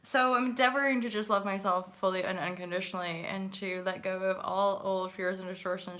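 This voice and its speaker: A woman's voice: mid-range voice, fairly even intonation, fairly quick, hardly any pauses, a bit bright. A woman hosting a casual livestream, chatting in a bubbly way, laughing often and swearing freely. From Canada. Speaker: livestream host.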